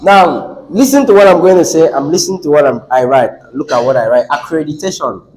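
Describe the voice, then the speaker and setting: A man's voice: a little high, lively intonation, fairly quick, darkish tone, slight background noise, poor audio. A man teaching an exam class, asking the students rhetorical questions and repeating words for emphasis. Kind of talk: classroom lecture.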